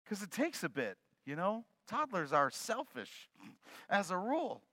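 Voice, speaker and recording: Male pastor, sermon, chatty and joking, slightly high, very bright tone. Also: huge pitch swings, a little slow, no echo. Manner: conversational and joking, swinging between loud and soft.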